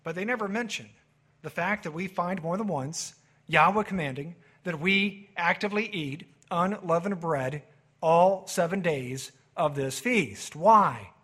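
Pastor, male, sermon delivery; bright, slightly high voice, emphatic rise and fall. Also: measured pace, slightly rough. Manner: emphatic preaching with rising and dropping delivery.

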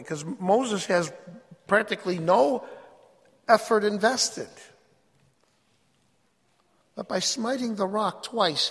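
Preacher: man with a fairly high voice, earnest and emphatic sermon delivery, long hall reverb. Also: fairly bright tone. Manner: earnest, emphatic, reads scripture aloud.

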